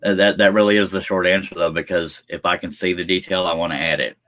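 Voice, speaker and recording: Talking fast with fairly even intonation, a low-voiced scroll saw pattern maker chats folksily on a live stream, saying "y'all" as he draws a pattern in his workshop. His voice sounds a bit bright.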